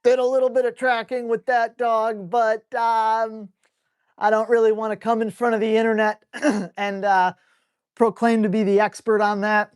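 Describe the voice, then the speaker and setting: A man's voice: high-pitched, level tone, moderate pace, clear, resonant tone, dry recording, clean studio sound. Man, live stream host, dog trainer, blunt, casual, salty. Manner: reads viewer questions aloud and answers them.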